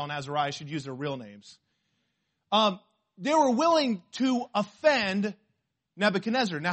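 High-voiced man preaching a sermon. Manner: emphatic, rhetorical questions, swings from quiet to loud. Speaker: pastor.

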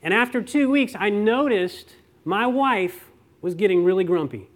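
A middle-aged pastor preaching a conversational sermon, telling stories and asking rhetorical questions. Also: male voice, high-pitched, expressive, measured pace.

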